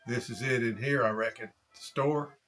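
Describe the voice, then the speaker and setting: A man voicing a surly, scowling rural man with a gruff, terse drawl, in an audiobook reading. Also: mid-range voice, steady tone, normal speed, fairly bright tone, faint music behind, natural voice.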